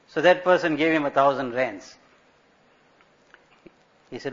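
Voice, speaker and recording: Speaking unhurriedly with long pauses, a man in a mid-range voice preaches as an Islamic scholar. He tells stories, asks rhetorical questions and draws on Arabic religious terms, captured in a dull lo-fi recording.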